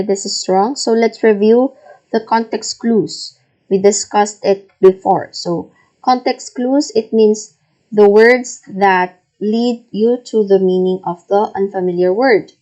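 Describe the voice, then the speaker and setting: Woman, teacher, slow deliberate delivery, soft mellow tone. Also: medium pitch, rough recording. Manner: slow, patient, repeats and models each word. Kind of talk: recorded reading lesson.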